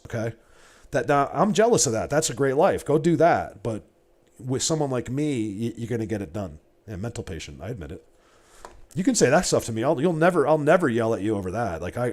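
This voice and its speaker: A man's voice: medium pitch, darkish tone. A man in his forties chatting casually to his livestream viewers, rambling and emotional, often stammering and repeating words. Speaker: livestreamer and Bigfoot hunter.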